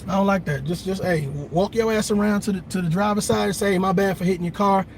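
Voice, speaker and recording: A man hosting a casual live stream, talking straight to his viewers in an animated, blunt way with plenty of swearing. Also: high voice, fast talker, creaky, a little hiss or hum. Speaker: livestream host. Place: parked car in a park.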